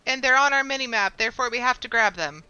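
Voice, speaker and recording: Bright, chatty woman streamer. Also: on the high side, quick pace, clean tone, no echo, highs cut off. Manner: chatty, excitable. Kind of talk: casual game commentary.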